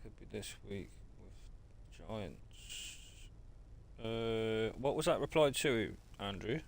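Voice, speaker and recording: A man's voice: lowish voice, lively intonation, slow, creaky. A man, chatting casually with viewers on a live game stream and greeting them as mate. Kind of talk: live-stream chat while gaming.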